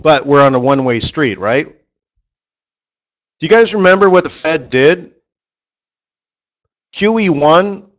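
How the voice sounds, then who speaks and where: Joking man coaching forex traders. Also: on the high side. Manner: chatty and joking, with rhetorical questions. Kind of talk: live webinar trading lesson.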